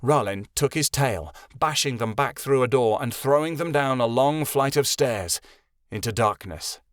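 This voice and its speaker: A man's voice: medium pitch, measured pace, dry recording. Man narrating an audiobook, dry sound. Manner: steady storytelling. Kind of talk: scripted narration.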